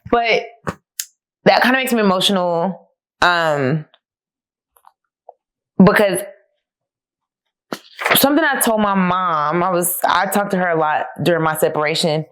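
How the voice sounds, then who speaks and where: Woman podcast host, low register, candid solo talk. Casual and heartfelt as she reflects on journal entries, emotional and near tears. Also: measured pace, long pauses, a bit bright, clear, resonant tone. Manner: candid and conversational, addressing listeners as y'all; emotional, close to tears, with laughs.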